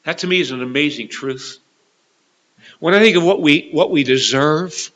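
A man preaching a sermon with passion, rising to loud, high peaks and dropping to hushed, slow lows. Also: poor audio. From Canada.

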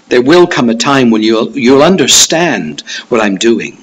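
A man's voice: medium pitch, expressive, a little slow, few pauses, a bit bright, slightly rough, low-quality recording. A man preaching a verse-by-verse Bible teaching, stressing key words and acting out the disciples' protests in a raised voice. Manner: emphatic, acts out Peter's protests in a raised voice.

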